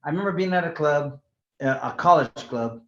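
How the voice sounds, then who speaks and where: A sixty-year-old man from California tells stories as a guest, chatty and rambling, doubling back on his words. His voice sits a bit high for a man. The recording is echoey and dull, like a lo-fi room capture. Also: animated, brisk. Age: 60s. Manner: rambling, repeats words, drops into Spanish slang. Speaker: guest, former boxing champion. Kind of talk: casual storytelling interview.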